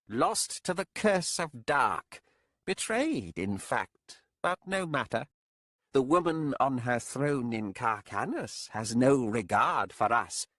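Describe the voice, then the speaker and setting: A man voicing a cold, solemn female witch in an audiobook, speaking slowly and deliberately. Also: mid-range voice, fairly bright tone, dry recording, studio quality, pitched above the performer's own voice, exaggerated voice. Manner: slow, measured, solemn. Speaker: audiobook narrator. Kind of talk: audiobook character voice.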